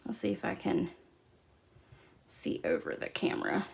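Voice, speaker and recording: A woman's voice: mid-range voice, wildly swooping pitch, unhurried, creaky, long pauses. A middle-aged woman hosting a live craft demonstration, chatting casually as she stamps, cuts and explains each step. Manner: chatty, talks while working with hands. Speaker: crafting host.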